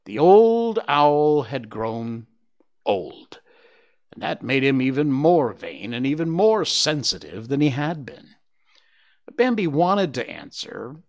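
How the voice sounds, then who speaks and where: Lively male storyteller reading aloud. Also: medium pitch, unhurried. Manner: chatty and informal between chapters.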